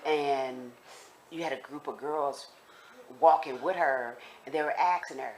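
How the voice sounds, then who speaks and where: This woman's voice sits low and moves at a measured pace, with slight noise in the background. She addresses viewers directly, recounting something personal in a relaxed, animated way and restating points to drive them home.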